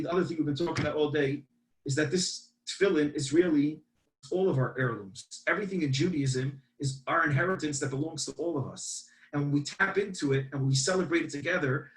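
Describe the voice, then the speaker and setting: A man, a campus rabbi telling a story in a webinar and acting out both sides of the dialogue with lively energy. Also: on the high side, rough recording. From Brooklyn, New York. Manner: animated, acts out dialogue.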